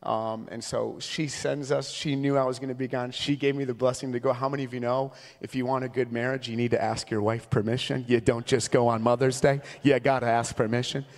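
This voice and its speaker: A man's voice: medium pitch, level tone, fairly quick, hardly any pauses. A man in his thirties from Minnesota, a traveling evangelist preaching a sermon with humorous, conversational storytelling. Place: large church sanctuary. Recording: long reverb from a large church hall.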